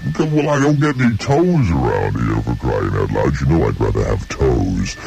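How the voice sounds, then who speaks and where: Gravelly deep toe monster. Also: male voice, warm tone, full character voice. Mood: demanding. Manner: demanding, greedy, smacking over food. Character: gluttonous male toe monster under the bed. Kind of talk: radio comedy sketch.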